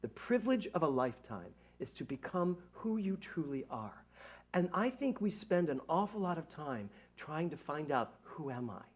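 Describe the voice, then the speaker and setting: A middle-aged man, a minister, giving a conversational sermon to a congregation, animated and joking at his own expense. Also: fairly high pitch, moderate pace. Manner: animated, jokey, self-mocking. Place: church service before a congregation.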